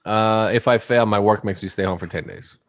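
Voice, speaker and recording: A man co-hosting a podcast, chatting casually with quick jokes and offhand asides. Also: fairly low pitch. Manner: joking, quick quips, habitual "there you go". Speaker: podcast co-host. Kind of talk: casual chat.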